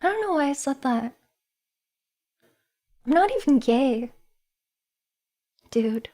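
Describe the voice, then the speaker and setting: A woman VTuber talks casually to her stream in a high voice, taking her time over the words. She giggles often and pokes fun at herself. Her nerves show and her hands are shaking. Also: lively intonation, slow, mellow. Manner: giggly, emotional, self-deprecating. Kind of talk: casual livestream chat.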